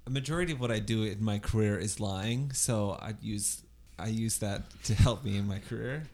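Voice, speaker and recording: A man talking in a low-key, hesitant way in a casual group chat. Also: moderate pace, darkish tone. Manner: low-key, hesitant, self-described low energy. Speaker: panel guest.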